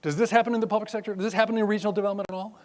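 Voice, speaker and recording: Older male keynote speaker, high-pitched, chatty and wry, live on a stage mic. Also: racing. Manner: animated, joking, conversational. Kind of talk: conference keynote. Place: conference hall stage.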